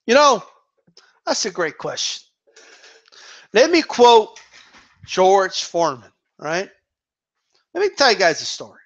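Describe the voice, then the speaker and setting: High-voiced, laughing boxing stream host. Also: male voice, very animated, takes it slowly, pauses often, a bit bright, dull audio. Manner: laughs often, slangy, swears casually. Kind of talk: casual chat reading viewer questions.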